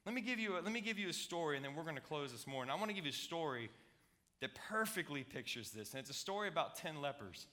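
A man preaching a sermon, conversational and emphatic, repeating words to drive points and building to loud passionate stretches. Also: a little high, lively intonation, fast. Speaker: pastor.

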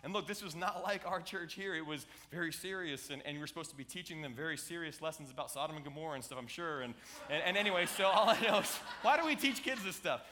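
Animated pastor preaching, bright voice. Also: male voice, a little high, quick pace, slight background noise. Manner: animated, playful, jokey preaching with audience asides. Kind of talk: sermon. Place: church sanctuary.

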